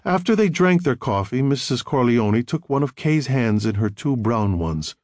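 A man narrating an audiobook with expressive storytelling. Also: mid-range voice, normal speed, dry recording, clean studio sound.

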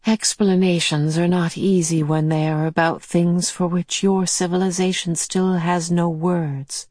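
A woman voicing a kindly, motherly otherworldly woman who gently reassures and explains. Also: on the low side, flat delivery, unhurried, dry recording, studio quality. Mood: reassuring.

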